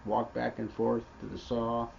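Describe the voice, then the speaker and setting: A man's voice: medium pitch, little pitch movement, unhurried, creaky. A man co-hosting a casual livestream, talking in a dry, laid-back, self-deprecating way. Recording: dull webcam audio with faint background noise.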